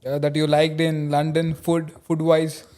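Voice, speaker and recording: A male host asks questions in a relaxed interview, his voice a little high for a man. Between questions he mostly murmurs short acknowledgments. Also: unhurried. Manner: brief backchannels, asks questions. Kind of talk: casual interview chat.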